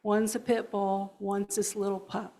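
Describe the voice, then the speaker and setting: A woman's voice: mid-range voice, level tone, measured pace, warm tone, rough recording. Nervous woman telling her story in church. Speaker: congregation member sharing a story. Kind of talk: personal testimony. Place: church sanctuary.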